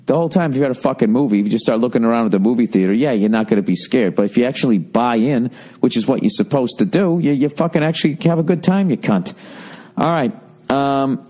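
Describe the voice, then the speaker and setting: A man's voice: mid-range voice, expressive, fast, darkish tone. A man hosting a comedy podcast, ranting casually and profanely while reading listener letters. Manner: profane, rambling, sarcastic. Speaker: podcast host.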